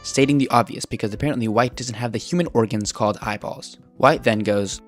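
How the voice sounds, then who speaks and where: A man's voice: medium pitch, fairly quick, soft background music. A man reading scripted, sarcastic mock chess commentary on online arguments. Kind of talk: scripted narration.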